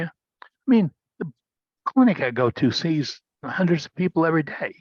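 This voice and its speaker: A man's voice: on the high side, sing-song, normal speed, dry recording. A man hosting a casual video-call meeting, telling a rambling story with many restarts. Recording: dull, dry video-call audio.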